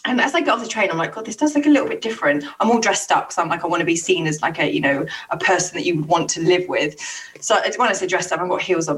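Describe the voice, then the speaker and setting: A young woman telling stories on a podcast in a casual, animated way, swearing and acting out what people said. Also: lowish voice, distant mic. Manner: animated, swearing, acts out quotes. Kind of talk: casual storytelling chat.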